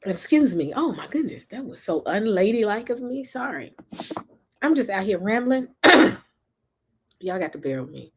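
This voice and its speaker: A woman's voice: medium pitch, sing-song, unhurried, a little hiss or hum. A woman from Memphis with a Southern accent, chatting and rambling casually on a livestream while reading comments. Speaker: livestream host.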